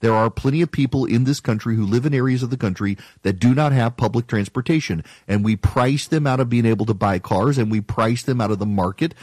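A man's voice: on the low side, a little mellow, no room sound. A man hosting a talk radio show, delivering an opinionated monologue in an emphatic, argumentative way and mocking his critics.

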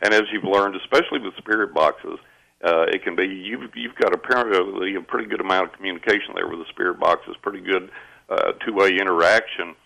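A man giving advice on a radio talk show, explaining things in a steady, lecturing way. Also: low-pitched, brisk, creaky, poor audio. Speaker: radio guest expert.

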